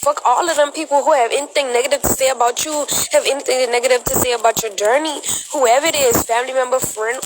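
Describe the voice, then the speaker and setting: Crying high-voiced woman on a phone livestream. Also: noisy background. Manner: emphatic, repetitive, defiant. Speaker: social media livestreamer. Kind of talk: emotional livestream monologue.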